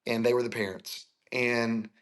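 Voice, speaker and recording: A man's voice: mid-range voice, fairly even intonation, unhurried. A man in his forties from Florida, a pastor telling his life story as an interview guest, earnest and emotional, speaking over a video call. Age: 40s.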